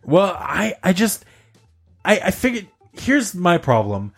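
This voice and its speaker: A man telling a long story in casual chat, animated, laughing often and swearing freely. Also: sits high, slow pace, slightly rough, soft background music. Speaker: podcast host telling a story.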